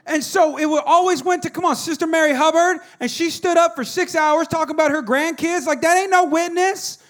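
A pastor in his thirties gives a sermon in a noticeably high voice. He tells stories in a quiet, hushed tone and then rises into loud, exhorting calls to the congregation. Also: a little fast. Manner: storytelling, swings from soft and hushed to loud and exhorting.

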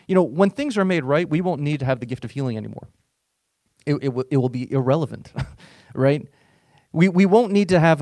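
A man's voice: fairly high pitch, darkish tone, no echo, studio quality. A man preaching a sermon as a pastor, in a conversational way, often repeating words as he restarts his phrases.

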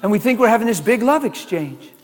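Brief: high-voiced, lively male preacher, big swings, church hall reverb. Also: a little fast, a faint crowd. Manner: animated, shouting exclamations, laughing asides. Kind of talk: sermon.

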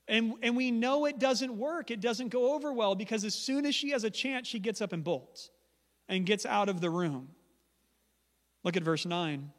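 A man's voice: high-pitched, normal speed. A male pastor preaching a sermon in a church, conversational and emphatic with humorous asides. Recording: long church hall reverb.

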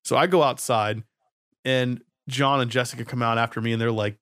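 A man's voice: mid-range voice, brisk, fairly bright tone, no room sound. Chill guy telling a story on a podcast, dry close sound. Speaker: podcast co-host. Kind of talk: casual storytelling chat.

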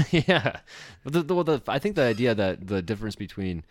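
A man's voice: medium pitch, very animated, moderate pace, no room sound, studio quality. A man hosting a casual comedy podcast, telling a story with frequent laughter and swearing. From Iowa. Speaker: podcast host.

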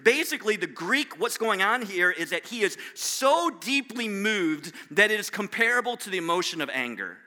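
A man's voice: sits high, sing-song, normal speed, few pauses, pushed and bright. A man preaching a sermon as a pastor, talking in a conversational, self-deprecating way with frequent restarts.

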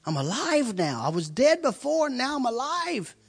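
A middle-aged man telling his testimony with a high, husky voice. His pitch swings widely as he laughs and stumbles through repeated words. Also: big pitch swings, normal speed. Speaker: speaker giving a testimony. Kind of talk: testimony storytelling.

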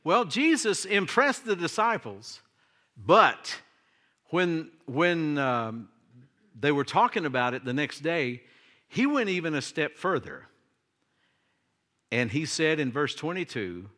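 Bright-voiced preacher man. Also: on the high side, sing-song, measured pace. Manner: conversational preaching with rhetorical questions and humor. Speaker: pastor. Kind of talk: sermon.

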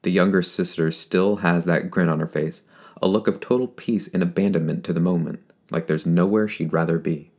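A man reading scripted fiction narration in a steady, measured way. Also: deep voice.

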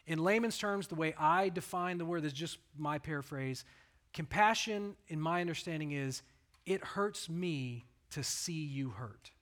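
A man's voice: on the high side, lively intonation, a little slow, fairly bright tone. Earnest man preaching a sermon. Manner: earnest, conversational storytelling. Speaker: pastor.

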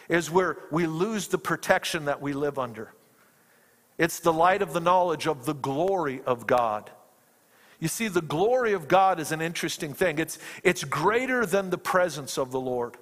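A man preaching a sermon with passion, his voice climbing as he voices fervent prayers and often repeating his words. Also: a bit bright. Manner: impassioned, rises in pitch when quoting prayers, repeats words. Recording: long reverb of a large hall.

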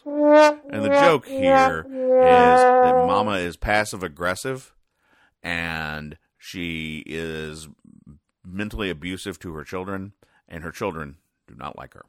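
A man hosting a podcast, recapping comic strips in a dry, sarcastic, deadpan way. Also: sits low, unhurried, no echo. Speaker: podcast host.

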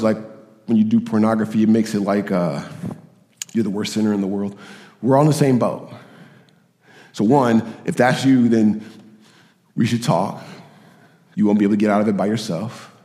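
A man preaching a sermon, animated and given to repeating his points and acting out quoted voices. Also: lowish voice, moderate pace, pauses often, echoey room, in a large hall. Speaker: pastor.

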